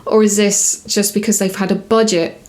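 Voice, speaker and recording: A woman in a relaxed vlog review, speaking at a middle pitch. She rambles and corrects herself as she goes, with plenty of small fillers. It comes across as easy, unscripted chat straight to the viewer. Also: moderate pace. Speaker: TV episode reviewer. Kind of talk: casual review to camera.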